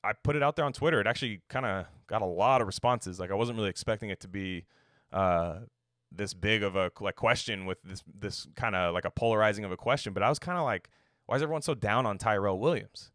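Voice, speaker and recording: A young man with a low voice talks through football in a loose, rambling monologue, full of swearing and jokes, now and then acting out what a coach might say. He is recorded close and dry, with no room sound. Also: quick pace, fairly bright tone, no echo. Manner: rambling, profane, jokey, acts out quotes. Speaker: sports podcast host. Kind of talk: casual sports commentary monologue.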